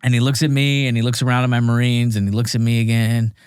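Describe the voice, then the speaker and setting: A male Marine veteran tells a war story as an interview guest, acting out each quoted line in character. His voice sits in a middling pitch and is recorded up close and dry. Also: level tone, fast, darkish tone, clear, resonant tone, no echo.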